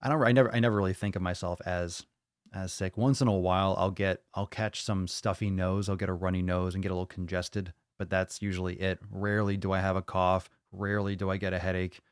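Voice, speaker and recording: A low-voiced American man hosts a casual live-streamed podcast, loose and profane. He repeats himself often and speaks with hype. The sound is close and dry. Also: little pitch movement, a little fast, clear, resonant tone, dry recording. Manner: profane, hyped, repeats phrases. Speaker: podcast host.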